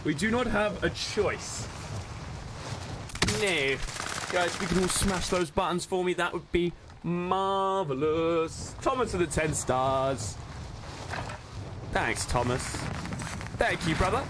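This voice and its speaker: Young male streamer, higher-than-average voice, casual and sweary, over a noisy mix. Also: slow, long pauses. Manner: chatty, swears casually, greets viewers by name. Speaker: gaming streamer. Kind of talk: casual live-stream chat.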